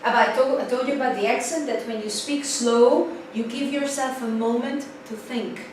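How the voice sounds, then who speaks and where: A woman teaching an English class in a lively way, repeating key points for emphasis. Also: a little high, normal speed. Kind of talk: live class lecture. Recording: distant mic, very echoey room, faint noise.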